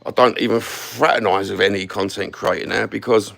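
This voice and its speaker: Bloke having a sweary rant at the camera, gravelly voice, blunt as anything. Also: male voice, on the low side, steady tone, fairly quick, fairly bright tone. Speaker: YouTube content creator. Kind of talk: ranting to-camera monologue. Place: standing somewhere, filming himself.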